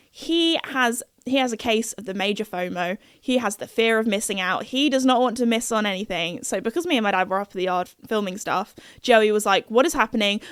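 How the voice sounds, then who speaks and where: A young woman hosts her podcast in a loose, chatty way, full of fillers and little laughs. Her voice sits at a middle pitch. The sound is close and dry, with no room around it. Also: dry recording. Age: young adult. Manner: chatty, lots of fillers and giggles. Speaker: podcast host. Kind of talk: casual chat.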